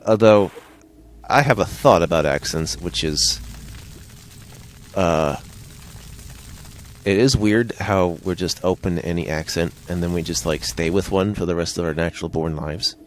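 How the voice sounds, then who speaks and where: A man with a Midwestern American accent talks over his gameplay in a loose, rambling way, drifting from joke to tangent. His voice sits fairly low. A faint hum sits under him. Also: a little slow, long pauses. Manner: rambling, jokey, wanders off on tangents. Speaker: let's play host. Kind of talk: casual gameplay commentary.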